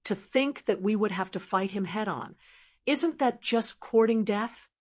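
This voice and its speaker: A woman's voice: medium pitch, measured pace, natural voice. A woman voicing a disdainful young sect disciple in an audiobook, speaking scornfully. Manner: scornful, complaining.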